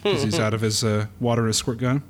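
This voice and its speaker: A man co-hosting a podcast, casually narrating a comic aloud in a playful, halting way with fillers. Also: on the low side, little pitch movement, slight background noise. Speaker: podcast co-host.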